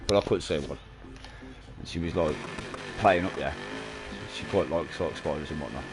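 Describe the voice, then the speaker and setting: A man's voice: rumbling low, moderate pace, over music. A man chatting casually and swearing while streaming a game. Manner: swearing, rambling storytelling. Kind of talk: casual chat while gaming.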